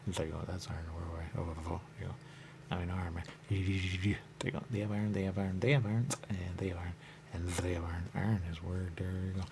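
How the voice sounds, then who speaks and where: A man's voice: sits low, steady tone, quick pace, background noise. A man hosting a radio show, talking in a rambling, repetitive solo monologue and saying the same catchphrase again and again. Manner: repetitive, drifting, says "there you go" often.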